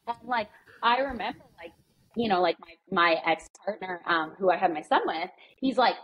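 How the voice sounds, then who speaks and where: A woman's voice: mid-range voice, moderate pace, highs cut off. Candid, foul-mouthed woman telling her story. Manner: swears freely, animated, acts out quoted people. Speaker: guest.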